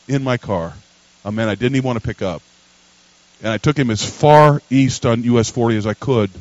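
A pastor, telling a story in a sermon and building to loud emphatic preaching. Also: male voice, fairly low pitch, no echo, highs cut off.

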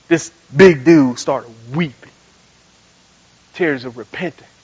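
A man preaching a sermon as pastor, telling stories animatedly and swinging between loud emphatic lines and quiet soft ones. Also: on the high side, slow, slightly rough, lo-fi sound. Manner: animated storytelling, acts out voices in quotes.

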